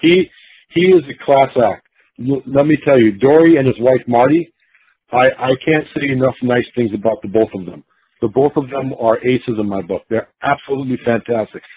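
A man's voice: medium pitch, moderate pace, breathy edge, no echo. A man who used to be a pro wrestler, telling stories in a rambling way, with lots of fillers and restarts. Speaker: former pro wrestler, guest. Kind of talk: casual storytelling interview. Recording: dry, phone-like narrowband sound.

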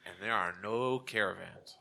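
Game master, male, very bright tone, halting and self-correcting, casual narration. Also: lowish voice, creaky.

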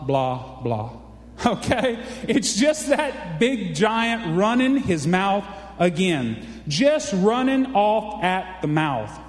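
A man preaching a folksy, exclamatory sermon, often calling out for an amen. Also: high-pitched. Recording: echoey hall reverb.

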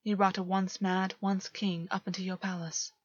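A woman reading the part of a brooding fae king, speaking low, hushed and deliberate, on a dull, dry recording. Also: little pitch movement, no echo, close to an everyday voice. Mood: musing. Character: brooding fae king, man, soft and commanding.

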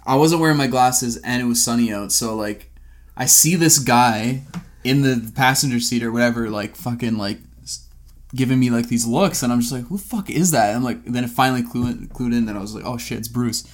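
A man's voice: mid-range voice, fairly even intonation, a little fast. Laid-back young male podcast co-host. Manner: laid-back, rambling anecdotes with fillers. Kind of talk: casual chat.

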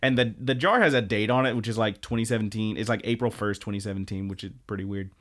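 A man's voice: fairly low pitch, fast talker. A man co-hosting a podcast, recapping an anime in casual, rambling, profane chat. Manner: rambling, profane, animated storytelling. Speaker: podcast co-host.

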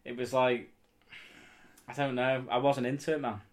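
A man's voice: medium pitch, flat delivery, normal speed. Laid-back, dry man chatting. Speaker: podcast co-host. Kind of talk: casual chat.

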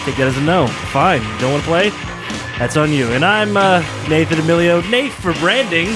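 A young adult man hosting a comedy show, with quick, wry, animated banter. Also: on the high side, music in the background.

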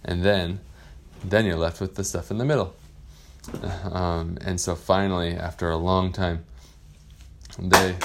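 A man telling an improvised bedtime story in a relaxed, rambling way. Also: low voice, unhurried, long pauses, background noise.

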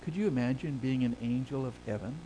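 A male pastor preaching a sermon, swelling loud and high on key phrases and then sinking low and quiet. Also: fast, a little hiss or hum, low-quality recording. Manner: preaches with big swells in pitch and volume, then drops low.

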